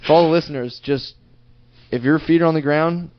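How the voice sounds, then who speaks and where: A man with a fairly high voice co-hosts a crude comedy podcast. He swears his way through stories and laughs a lot. The recording sounds dull and lo-fi. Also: fairly quick, slight background noise. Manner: profane, storytelling, laughs often. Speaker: podcast co-host.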